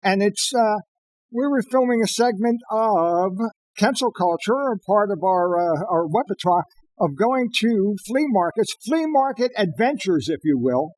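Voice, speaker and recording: A man co-hosting a comedy podcast as the sidekick, delivering deadpan punchlines with lots of hesitant fillers. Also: sits high, unhurried, no room sound, rough recording. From Philadelphia area. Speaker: co-host and sidekick. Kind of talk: casual comedic banter.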